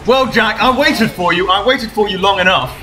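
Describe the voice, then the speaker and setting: A young man streaming a horror game live, excitably swearing and yelling at his teammates. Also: high voice, normal speed, faint music behind. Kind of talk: live gameplay commentary.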